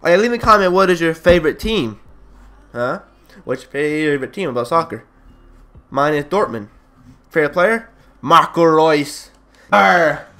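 A man casually commentating his own football video game match, excitable and trash-talking the referee. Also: fairly high pitch, moderate pace, pauses often. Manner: excitable, yells at the referee, playful trash talk. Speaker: gaming YouTuber.

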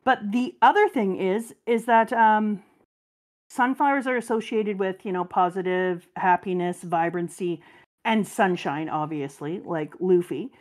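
A middle-aged woman reading a comic aloud to her child and chatting about it with enthusiastic, animated storytelling. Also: mid-range voice. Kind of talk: casual read-aloud and chat.

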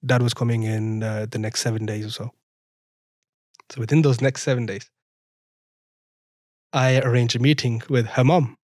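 A man's voice: medium pitch, level tone, moderate pace, pauses often, darkish tone, no echo, clean studio sound. A young man, a podcast guest chatting through a personal story and laughing often. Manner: chatty, laughs often while telling stories. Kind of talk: casual storytelling in an interview.

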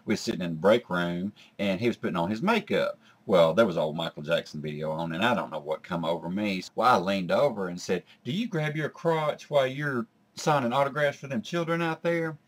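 A crass woman, voiced by a man in his plain, mid-pitched voice spins crude workplace gossip. She drawls out her comedy-sketch stories with no filter at all. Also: close to an everyday voice.

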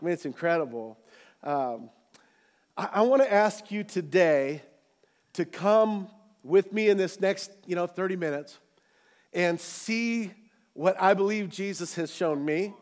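A man with a high, bright voice preaches a sermon in a church auditorium. He rises into loud, animated calls to the congregation, then settles into relaxed, chatty storytelling. His delivery is lively and rhythmic. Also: unhurried. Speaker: pastor.

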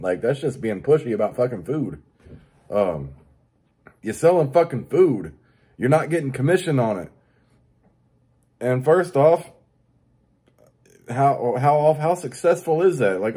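A man hosts his own show with an expressive, fairly quick delivery, his tone warm with a breathy edge. It's a profane comedic rant about daily annoyances, full of constant swearing and crude mocking impressions of others in a high voice.

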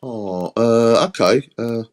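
A man hosting a casual live stream, speaking in a halting way and thanking subscribers. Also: mid-range voice. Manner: hesitant, halting, fond of fillers. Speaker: livestream host.

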